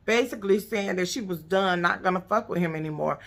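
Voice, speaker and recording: A woman's voice: fairly low pitch, a little fast. A woman casually recapping a reality TV episode, blunt, profane and sassy.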